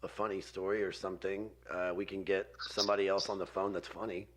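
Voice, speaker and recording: A man hosting a podcast in casual chat, teasing his co-host in a deadpan way. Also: sits low, quick pace, a little hiss or hum.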